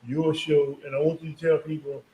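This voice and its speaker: A man's voice: on the high side, flat delivery, a little fast. A male podcast host chatting casually and laughing along with his guest. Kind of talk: casual chat. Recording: roomy, distant mic with crowd noise.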